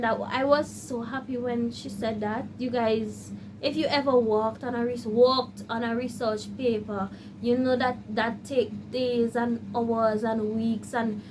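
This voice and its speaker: A woman's voice: a little high, background noise. A woman law student vlogging in a casual storytelling way, talking straight to her viewers and acting out her own panic. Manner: animated, addresses viewers directly; acts out her own past panic in quoted asides.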